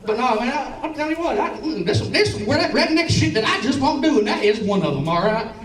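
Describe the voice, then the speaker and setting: A man's voice: extremely high pitch, sing-song, a little fast, a bit bright. Rambling Southern man on a comedy stage. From Alabama and Tennessee. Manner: rambling, stammering restarts, swearing, chuckles through lines. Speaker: stand-up comedian. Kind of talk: stand-up set. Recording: roomy club sound, from a distance.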